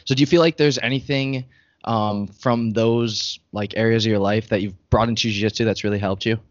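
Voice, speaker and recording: A man's voice: lowish voice, steady tone, a little fast, dry recording. A man co-hosting a podcast interview, asking his question in a casual, easygoing way. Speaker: podcast co-host. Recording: dry, dull lo-fi sound.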